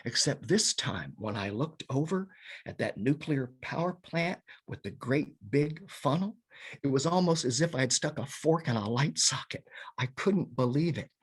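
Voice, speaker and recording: A man telling a comic tall tale to an audience, animated and chuckling at his own jokes. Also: mid-range voice, normal speed, slightly rough. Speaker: storyteller. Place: home, virtual session.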